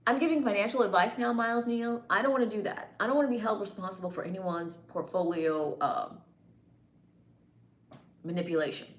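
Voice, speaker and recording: A livestream host reads her chat aloud and trades teasing, playful banter with commenters, all in a room with a noticeable echo. Her voice sits at a medium pitch, moving at a normal speed with long pauses.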